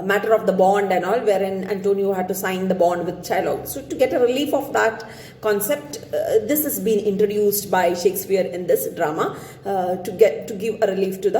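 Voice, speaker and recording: A woman's voice: medium pitch, mellow, slight background noise. A woman teaching literature, reading quoted lines and paraphrasing them with many repeats and fillers. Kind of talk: explaining a play line by line. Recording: roomy room with faint ambience.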